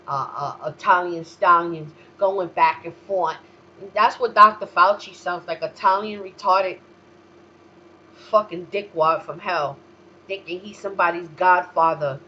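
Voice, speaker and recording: Slow-talking woman ranting, swinging to shouts. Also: lo-fi sound, a little hiss or hum. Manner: profane, heated, jumps from low mutters to shouting. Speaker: talk show host. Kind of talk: solo ranting monologue.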